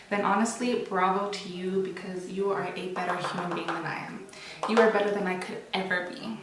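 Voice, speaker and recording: Young woman, candid rambling vlog chat, roomy echo, faint hiss. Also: mid-range voice. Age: young adult. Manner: chatty, candid, rambling with many restarts and fillers. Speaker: beauty vlogger. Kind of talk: casual get-ready-with-me chat. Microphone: built-in camera mic.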